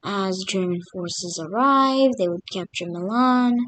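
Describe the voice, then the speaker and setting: A woman's voice: medium pitch, unhurried, fairly bright tone, slight background noise. A woman casually narrating over a map, rambling with many fillers. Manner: rambling, full of fillers like "literally" and "like". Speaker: map video creator.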